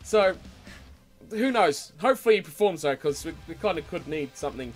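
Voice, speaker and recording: A man hosting a casual rugby chat, relaxed and rambling with lots of ums and uhs. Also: fairly high pitch, a little fast, faint music behind. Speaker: podcast host.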